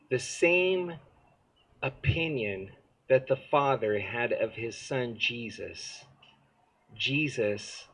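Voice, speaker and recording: A man's voice: mid-range voice, a bit bright, slightly rough, low-quality recording. A male pastor preaching a conversational sermon at an outdoor service, asking the crowd questions as he goes.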